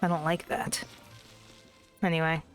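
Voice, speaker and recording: A woman's voice: deep voice, level tone, unhurried, faint music behind. A woman chatting casually through a let's play, grumbling about lag and joking at her own expense, recorded on a desk microphone. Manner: chatty, complaining about lag, self-deprecating. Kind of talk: casual game commentary. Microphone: desk microphone at a computer.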